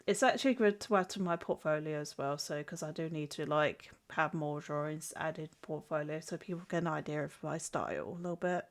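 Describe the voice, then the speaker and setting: Drawing on stream, a young woman with a cold and a blocked nose chats with viewers at a fairly quick clip, barely pausing. Her voice sits low, and she giggles often, answers chat, and frequently restarts what she's saying.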